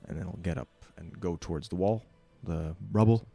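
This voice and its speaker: A man playing a tabletop game, speaking softly and haltingly. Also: sits low, vocal fry, husky, soft background music. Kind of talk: casual play at the table.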